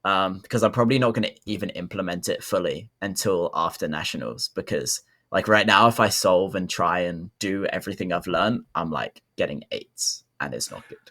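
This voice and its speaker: Bright-voiced young New man. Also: sits low, moderate pace, hardly any pauses. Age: young adult. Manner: chatty, upbeat, filler-heavy. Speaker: podcast co-host. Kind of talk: casual podcast chat.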